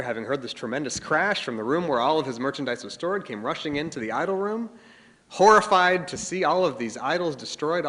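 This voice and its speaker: A man tells a story to an audience with dramatic flair and widely swinging pitch. His voice sits a little high and sounds bright. A long reverb shows a big hall. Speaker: speaker. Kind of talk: storytelling lecture.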